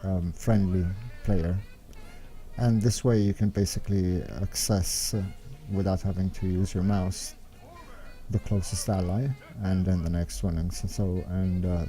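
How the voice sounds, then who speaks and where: A man's voice: low voice, fairly even intonation, unhurried, warm tone, soft background music. A young man giving unscripted, meandering strategy commentary over gameplay footage, thinking aloud as he explains. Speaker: game strategy guide maker.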